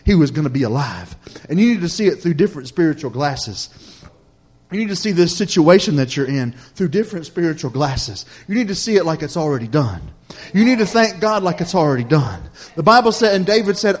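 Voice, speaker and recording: Male pastor, slightly high voice, emphatic call-and-response sermon delivery. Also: expressive, brisk. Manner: preacherly, repetitive cadence with call-and-response "Amen?"; swings from loud emphatic lines to soft hushed ones.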